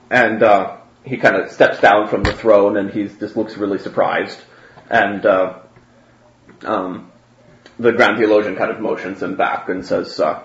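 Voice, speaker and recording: A man's voice: fairly low pitch, steady tone, moderate pace, a bit bright. A man narrating as game master, hesitant and full of fillers. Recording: roomy, dull, faint noise.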